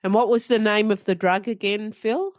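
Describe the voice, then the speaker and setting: A woman moderating a roundtable discussion, brisk and friendly as she hands over to guests. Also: medium pitch, fairly even intonation, no room sound, studio quality. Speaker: host.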